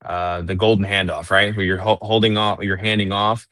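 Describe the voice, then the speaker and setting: A man's voice: fairly low pitch, level tone, moderate pace, sharp tone, dry recording. A man coaching real estate agents on a group call, teaching step by step and acting out sample lines to clients.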